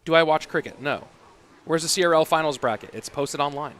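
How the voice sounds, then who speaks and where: Slightly high and slightly fast, his voice is smooth and fairly bright. He's an esports caster in his thirties, casually chatting on stream and thinking aloud as he takes viewer questions.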